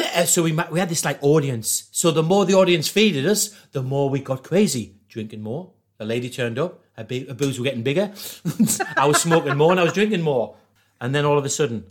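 Animated man telling stories. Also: medium pitch. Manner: animated, laughs through his stories, acts out voices. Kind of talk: casual storytelling chat.

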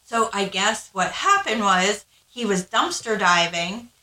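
The audio is low quality and the room echoes. This woman's mid-range voice is sing-song, pushed, and bright, and she speaks unhurriedly. She co-hosts a podcast, recounting her story in frank, casual talk with free swearing and acted-out quotes.

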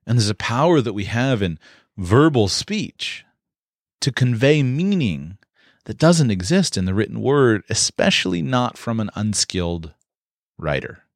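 A man with a fairly low voice delivers an instructional talk, explaining points step by step in a measured, deliberate way. The sound is dry and close, with little room reflection. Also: very animated, dry recording. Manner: measured, explanatory, with occasional fillers.

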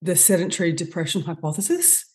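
Lively, low-voiced woman explaining. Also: breathy edge. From Australia. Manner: animated, enthusiastic explaining with quick asides. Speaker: guest expert on stress and performance. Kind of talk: conversational podcast interview.

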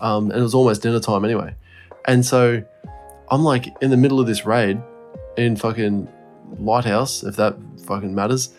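A man's voice: mid-range voice, fairly even intonation, moderate pace, darkish tone, soft background music. Rambling, swearing man. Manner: rambling, heavy swearing, laughs through the story. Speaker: podcast co-host. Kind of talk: casual storytelling chat.

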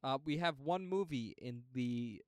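Deadpan man with a smooth voice. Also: medium pitch, a little slow, no echo. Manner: deadpan, dry teasing. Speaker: podcast co-host. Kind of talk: casual chat.

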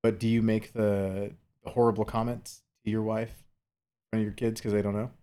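A man co-hosting a casual podcast chat, telling animated, profane stories. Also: fairly low pitch, moderate pace, clear, resonant tone. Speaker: podcast co-host.

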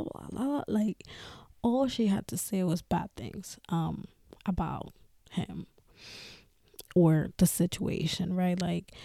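A woman talks openly on her podcast, swearing freely and laughing between phrases. Her voice is gravelly and dark. The sound is dry and close. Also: on the low side, dry recording. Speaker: podcast host. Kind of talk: casual personal talk.

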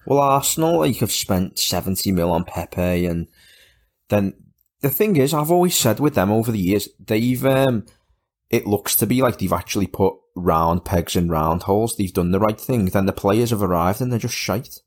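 A laid-back man with a very low voice chats about football on a podcast. He mostly agrees in short replies and then talks at length in a relaxed way. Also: normal speed. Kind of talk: casual football chat.

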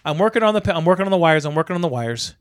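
A fairly high-voiced man spins a job-site story in loose podcast chat, swearing often. He gets louder and more exasperated as he goes, with a quick, lively delivery. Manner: animated, profane, exasperated. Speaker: storyteller, electrician.

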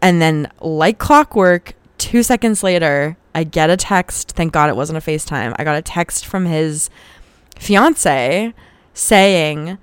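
A woman's voice: low-pitched, animated, slow, clean tone, no room sound. A young woman hosting a podcast, telling a personal story in a frank, profane, casual way and getting heated as she retells arguments. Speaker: podcast host.

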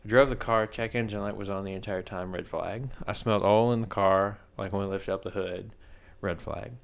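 Brief: podcast co-host, male, low and resonant, relaxed rambling storyteller. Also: fairly quick, gravelly. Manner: rambling storyteller, acts out quotes. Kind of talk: casual chat.

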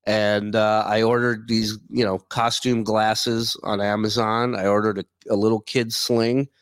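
A man's voice: on the low side, little pitch movement, a little slow, smooth, no room sound, studio quality. A man chatting as a guest on a video call, easygoing and talkative, swearing casually. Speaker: guest, former radio show staffer. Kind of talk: casual chat.

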